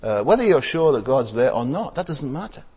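A man's voice: mid-range voice, very animated, a little fast, a little mellow, breathy edge, big-room sound. A man preaching a sermon in a plain, conversational way, with many rhetorical tag questions and frequent hesitations and repeated words.

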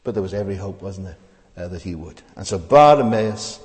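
A man's voice: on the low side, quick pace. A man preaching a sermon at a church service, asking the congregation rhetorical questions and often restarting his words. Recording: long reverb of a large hall.

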